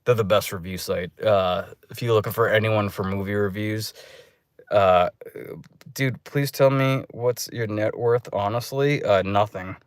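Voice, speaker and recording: A man telling a rambling, profane story in a casual vlog review, with loud re-enacted outbursts. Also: lowish voice, steady tone, unhurried, dry recording, studio quality. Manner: loose, restarting delivery. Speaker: movie reviewer. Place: dark room.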